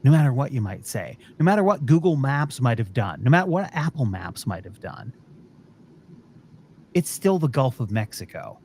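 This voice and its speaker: A man's voice: medium pitch, sing-song, normal speed, darkish tone, a little hiss or hum. A man hosting a podcast, ranting in a profane, exasperated way during casual chat. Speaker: podcast host.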